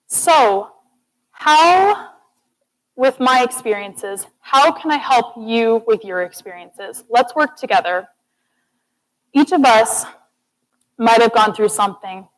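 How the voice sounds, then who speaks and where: A young woman with a slightly high voice gives a student TED-style talk. She speaks earnestly and encourages the audience directly. She sounds like a presenter in front of a class. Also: a little slow, hardly any pauses, rough recording. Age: young adult. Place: classroom or lecture hall.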